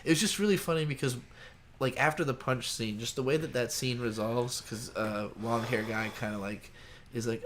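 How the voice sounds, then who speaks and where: A man's voice: mid-range voice, normal speed, noisy background. Rambling, crude-joking male podcast host. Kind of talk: casual anime discussion.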